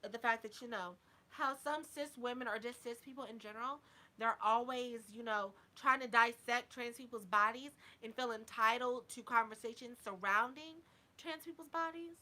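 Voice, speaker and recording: A woman's voice: fairly high pitch, normal speed, sharp tone. A woman vlogger talking casually to her viewers, sassy and blunt with heavy swearing, a little drunk. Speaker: YouTube vlogger. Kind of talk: casual live chat to viewers.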